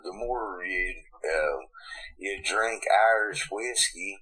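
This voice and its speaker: A man's voice: deep voice, slow pace, bright, forceful tone, husky, low-quality recording. A man from the American South, co-hosting a podcast in casual chat, swearing freely and telling stories with emphasis. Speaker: podcast co-host.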